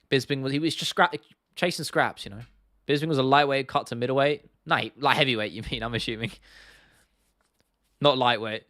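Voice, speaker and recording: A man's voice: medium pitch, sharp tone, no room sound, studio quality. Young British man, casual swearing chat. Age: 20s. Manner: rambling, swears freely, answers viewer comments. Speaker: livestream host.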